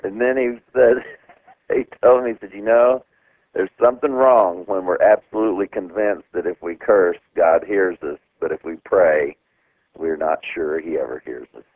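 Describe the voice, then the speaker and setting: Brief: very low-voiced male radio co-host, rambling storyteller, tinny dry phone audio. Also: fairly even intonation, normal speed, no room sound. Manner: rambling, many fillers and laughs. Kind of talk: casual storytelling chat. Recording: dry phone-line sound.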